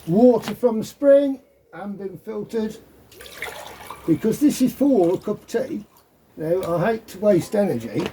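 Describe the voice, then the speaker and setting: A man's voice: high voice, lively intonation, a little slow, warm tone, slight background noise. A middle-aged man chatting casually as he demonstrates his gear, rambling with joking asides. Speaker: off-grid living vlogger.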